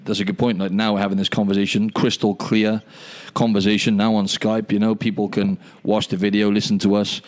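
Fast-talking man, deep voice. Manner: animated storyteller, says "mate" and "you know what I mean" a lot. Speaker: podcast co-host. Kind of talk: casual podcast chat over video call. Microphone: video call.

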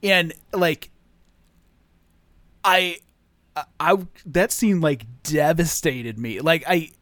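A man's voice: a little high, takes it slowly, fairly bright tone, dry recording. A man co-hosting a podcast, rambling about a film with many restarts and fillers, sleep deprived. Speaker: podcast co-host. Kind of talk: casual film discussion.

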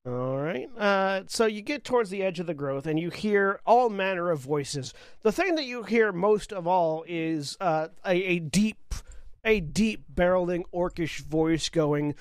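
A man's voice: sits high, animated, measured pace, smooth, no echo, studio quality. Casual man running a tabletop game. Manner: casual, loose narration with fillers. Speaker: dungeon master.

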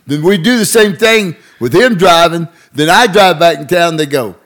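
A middle-aged man, casually telling animated stories from his youth. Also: a little high, moderate pace, few pauses. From Arkansas. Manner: animated, acts out voices in stories. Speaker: guest storyteller. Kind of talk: casual storytelling.

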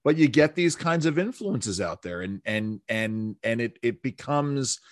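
A man's voice: medium pitch, expressive, measured pace, no room sound, clean studio sound. A man from the Bronx hosting an interview, reacting enthusiastically and often apologizing for cutting in. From the Bronx, New York. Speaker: podcast host. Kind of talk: casual interview chat.

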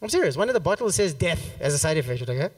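A man's voice: on the high side, quick pace, distant mic, slight background noise. A man preaching a sermon at a church service, telling a story and acting out the quotes with plenty of laughter. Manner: animated, acts out quotes, laughs often.

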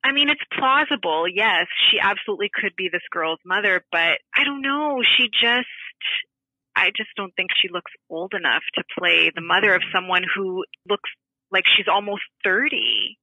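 A woman's voice: medium pitch, expressive, moderate pace, sharp tone, breathy edge, no echo, rough recording. A woman co-hosting a podcast, chatting casually and sounding bemused, laughing often. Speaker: podcast co-host. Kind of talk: casual chat.

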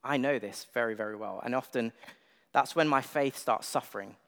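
A man's voice: mid-range voice, moderate pace, a bit bright. Chatty young man preaching in a hall. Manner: conversational, self-deprecating, with filler words. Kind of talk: sermon. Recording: long reverb of a large hall.

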